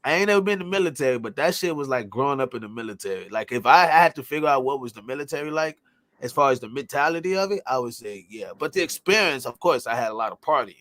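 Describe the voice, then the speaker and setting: A man telling stories in a casual chat, animated and profane, laughing and acting out what people said. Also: medium pitch, fast talker. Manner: animated, laughing, loose and profane, acts out quotes. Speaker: podcast guest telling stories.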